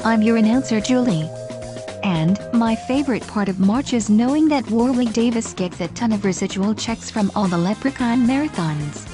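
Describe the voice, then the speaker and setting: A woman announcer reading a playful, scripted podcast intro with deadpan jokes. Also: a little high, normal speed, music in the background.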